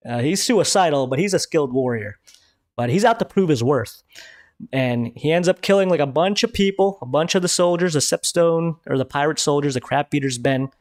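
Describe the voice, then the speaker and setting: A man hosting a live review stream, talking excitedly in casual commentary and swearing freely. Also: a little high, fairly quick, dry recording, clean studio sound.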